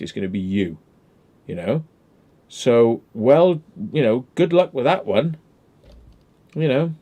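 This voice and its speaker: A man's voice: a little high, expressive, moderate pace, warm tone. A man, hosting a casual commentary chat, blunt and emphatic with heavy swearing. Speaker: channel host.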